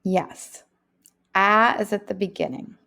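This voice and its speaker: A woman's voice: medium pitch, vocal fry, pushed and bright. A woman teaching a phonics lesson to young children, speaking in a patient, encouraging way. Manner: slow, patient, encouraging classroom delivery.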